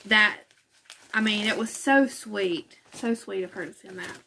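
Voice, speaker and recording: A woman's voice: mid-range voice, a little slow, gravelly, sharp tone, slight background noise. A woman from West Virginia hosting a cross-stitch channel in casual chat from home, talking in a chatty, self-conscious way with fillers and laughs.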